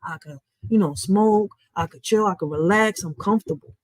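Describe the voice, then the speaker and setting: A woman's voice: mid-range voice, moderate pace, dry recording, rough recording. A woman, hosting a livestream from home in an impassioned, preachy rant, swearing freely. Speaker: livestream host.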